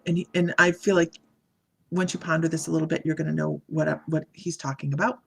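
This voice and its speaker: A woman doing a live psychic reading, speaking in a halting, meandering way and greeting viewers by name as she reads their comments. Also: low voice, fairly even intonation, vocal fry, slightly rough. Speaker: psychic medium.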